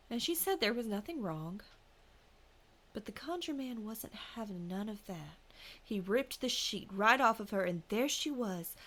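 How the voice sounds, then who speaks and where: A woman podcast co-host narrating a folk ghost story in a hushed, whispery way, then chatting casually. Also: mid-range voice.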